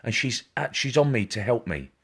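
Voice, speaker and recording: A man's voice: medium pitch, sing-song, normal speed, gravelly, slightly rough. A man working as a medium, giving a live-stream psychic reading, repetitive and reassuring, addressing viewers by name.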